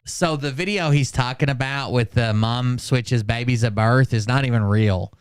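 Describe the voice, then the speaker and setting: A man chatting on a live stream in a smooth, clear voice. His commentary is crude and meandering, peppered with profanity. The sound is dry and close to the mic. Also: medium pitch, moderate pace, dry recording. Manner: crude, rambling anecdotes with profanity. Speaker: streamer reacting to videos.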